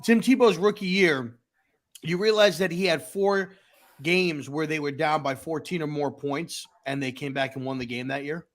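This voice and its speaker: A man's voice: fairly high pitch, normal speed. A man co-hosting a casual sports talk show, arguing his point with frequent restarts. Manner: argumentative, stammering restarts. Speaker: podcast co-host.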